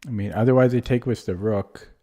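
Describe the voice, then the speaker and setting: Playing chess on a home livestream, a young man narrates his thinking in a meandering, self-deprecating way. A desk microphone picks up his somewhat low, mellow, soft-edged voice, which stays fairly even in intonation and moves at a brisk pace.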